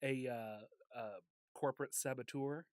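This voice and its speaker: A man's voice: medium pitch, measured pace, smooth, no room sound. Guy cohosting a podcast, laughs a lot, dry close sound. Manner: laughs often, animated and joking. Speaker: podcast co-host. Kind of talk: casual chat.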